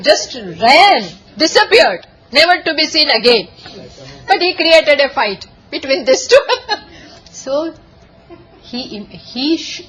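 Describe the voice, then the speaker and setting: Lady spiritual teacher, high voice, animated storytelling, laughs a lot. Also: poor audio. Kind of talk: scripture lecture.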